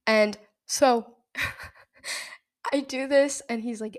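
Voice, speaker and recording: A nineteen-year-old woman from Nebraska, telling a story in a casual, animated way and often laughing. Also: fairly high pitch, very slow. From Nebraska, United States. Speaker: podcast host.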